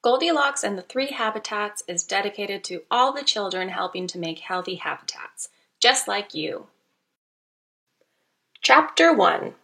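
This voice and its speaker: A woman narrating a children's storybook aloud, expressive and playful, with teacherly asides to young listeners. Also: medium pitch, measured pace, creaky.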